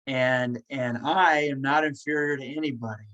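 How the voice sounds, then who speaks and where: A man's voice: medium pitch, steady tone, normal speed, a bit bright, dull audio. A man hosting a podcast, talking casually and encouragingly while he stutters, repeating words and restarting. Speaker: podcast host.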